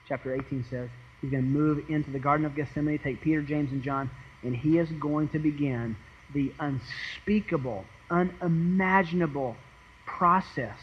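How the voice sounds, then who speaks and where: A man with a high voice preaches an earnest, dramatic sermon. He swings from loud emphasis to hushed tones, restarting words as he goes. The recording is slightly muffled and lo-fi. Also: a little hiss or hum. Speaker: pastor. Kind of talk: expository sermon.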